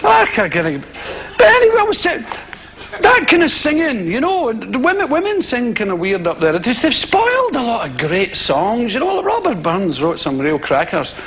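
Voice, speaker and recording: High, lively Scottish comedian. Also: male voice, moderate pace, a little hiss or hum. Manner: animated storytelling, shouted exclamations. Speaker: stand-up comedian. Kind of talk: live stand-up comedy. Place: theatre stage before an audience. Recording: live show with loud audience laughter.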